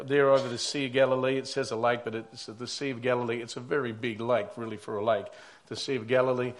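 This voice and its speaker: A pastor with a medium-pitched voice preaches a Sunday sermon in a conversational manner. He swings between loud, emphatic lines and quiet asides.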